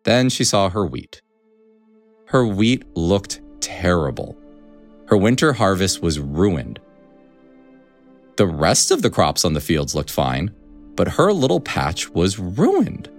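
A man reading a children's storybook aloud in an expressive, animated way. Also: deep voice, slow, long pauses, faint music behind.

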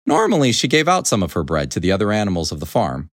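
A man reading a children's storybook aloud in an expressive, animated way. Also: low-pitched, fast talker, no room sound, studio quality.

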